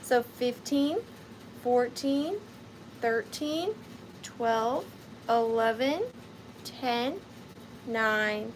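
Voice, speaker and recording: A woman in her thirties with a Southern US accent, hosting a live vintage sale in a chatty, upbeat way with high squeals. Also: drawn-out words, pauses often, slight background noise, poor audio. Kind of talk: casual live-stream selling chat.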